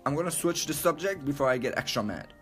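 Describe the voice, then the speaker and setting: A man ranting loudly and emphatically, swearing a lot and repeating himself. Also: fairly high pitch, lively intonation, quick pace, faint music behind. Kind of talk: profane rant to camera.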